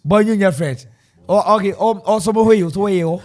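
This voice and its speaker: A man's voice: high-pitched, fairly quick, a little mellow. A man co-hosting live radio football commentary, playful, breaking into chants and singing and mixing languages. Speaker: radio sports co-host.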